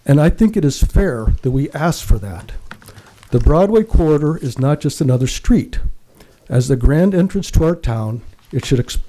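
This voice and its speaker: Earnest man with a mellow voice. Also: medium pitch. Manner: earnest, emphatic, reads from notes. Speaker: public commenter. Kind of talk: prepared public comment at a council meeting. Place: city council chamber.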